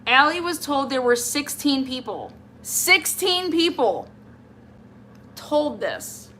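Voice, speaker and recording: A woman's voice: high voice, very animated, takes it slowly, bright, forceful tone, slight background noise. A woman hosting a livestream, ranting in an exasperated, confrontational way and talking straight at someone who is absent. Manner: exasperated, confrontational, addresses absent person directly. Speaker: livestream host.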